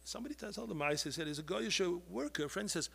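High bright-voiced preaching man. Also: animated, fast talker, vocal fry, slightly rough. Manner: pleading, rises to loud outbursts, heavy Yiddish and Hebrew terms. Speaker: rabbi giving a talk. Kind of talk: impassioned sermon.

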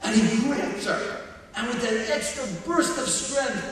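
A man giving a sermon as a guest speaker, talking emphatically and building up to shouts. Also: extremely high pitch, expressive, a little slow. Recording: distant echoey hall.

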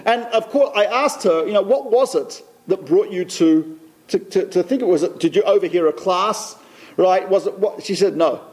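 Lay teacher, man with a high voice, anecdotal talk, repeats himself for emphasis. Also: normal speed, darkish tone. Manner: storytelling, repeats phrases for emphasis.

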